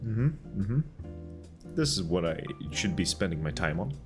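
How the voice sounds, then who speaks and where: A man streaming a video game, chatting casually and musing to himself with a relaxed, dryly sarcastic manner. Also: low voice, normal speed, music in the background. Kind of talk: casual gameplay commentary.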